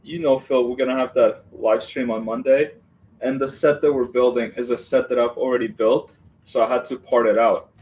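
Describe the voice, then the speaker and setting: A chatty man hosting a casual live stream, rambling between thoughts and laughing at himself as he goes. His voice sits at an ordinary middle pitch, with a faint hiss of background noise under it. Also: steady tone, normal speed, a little mellow. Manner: greets viewers by name. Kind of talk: casual live-stream chat while building.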